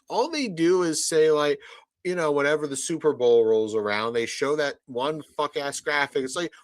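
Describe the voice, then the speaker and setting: A man's voice: mid-range voice, lively intonation, normal speed, a bit bright, no echo. A man co-hosting a sports podcast, ranting sarcastically in casual chat. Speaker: podcast co-host.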